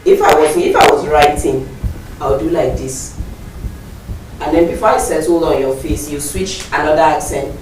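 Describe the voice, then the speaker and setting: A man's voice: fairly high pitch, lively intonation, normal speed, slight background noise. Emphatic Nigerian man coaching, roomy and distant. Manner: emphatic, mixes in pidgin, acts out scenes. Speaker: audition judge. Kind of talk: animated coaching talk.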